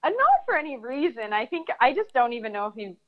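A woman in her thirties telling a story in a casual interview, animated and swearing freely. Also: high voice, fast talker. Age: 30s. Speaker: guest storyteller. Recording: dull lo-fi sound.

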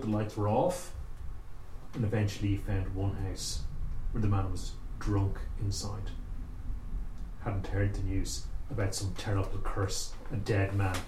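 A man telling a spooky folk tale aloud, with slow, dramatic pauses. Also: on the low side, a little mellow, a little hiss or hum. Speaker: storyteller. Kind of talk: oral storytelling. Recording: echoey room, faint ambience.

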